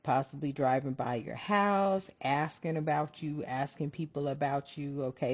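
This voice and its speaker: A woman's voice: sits low, a little mellow. A woman giving a casual tarot reading to her viewers, chatty and rambling, often breaking into laughter. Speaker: tarot reader. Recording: dull lo-fi sound.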